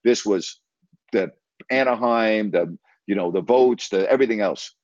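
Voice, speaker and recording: A man's voice: lowish voice, normal speed, a little mellow, no echo, dull audio. A middle-aged man, a sports radio host, telling a story in an interview in a blunt, emphatic way with salty language.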